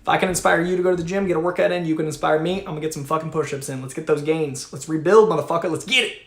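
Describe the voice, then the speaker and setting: A man hosting a livestream, reading viewer super chats aloud in an energetic, profane, chatty way. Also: fairly high pitch, very fast. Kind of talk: casual livestream chat. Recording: echoey room.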